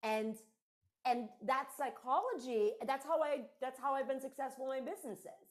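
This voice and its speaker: A woman's voice: high voice, moderate pace. A middle-aged woman talking as a podcast guest and mentor, in an emphatic, conversational way that repeats key phrases.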